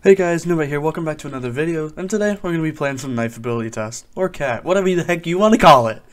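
A man's voice: on the high side, fast. A man giving casual gameplay commentary as a gaming YouTuber, joking and mock-serious while he chats at other players.

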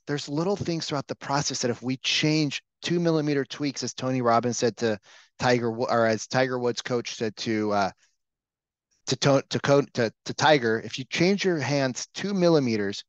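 Brief: male trainer, mid-pitched, casual coaching delivery, dry slightly dull lo-fi audio. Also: no echo. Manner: casual, coaching, asks the room questions. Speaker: real estate sales trainer. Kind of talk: live training session talk.

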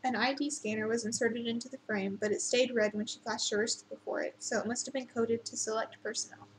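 A woman reading a novel aloud at an unhurried pace, with occasional slips and restarts. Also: on the high side, fairly even intonation, noisy background. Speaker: reader.

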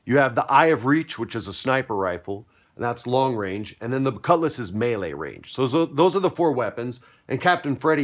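Upbeat man running a tabletop game. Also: medium pitch. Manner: upbeat, explanatory, playful. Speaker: game master. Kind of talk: explaining rules of a tabletop game.

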